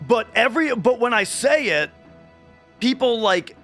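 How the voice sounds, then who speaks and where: A man's voice: extremely high pitch, sing-song, normal speed, a bit bright, faint music behind. A man from Minnesota with a light Minnesotan accent, chatting casually on a speedrun stream and restarting his sentences often. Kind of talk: casual livestream chat.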